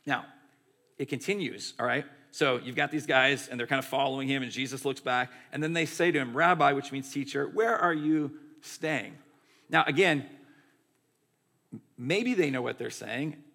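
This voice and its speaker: A man's voice: mid-range voice, moderate pace, sharp tone. A man in his forties preaching a sermon in a conversational way, often acting out quoted lines. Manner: conversational, acts out quotes in voices. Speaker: pastor.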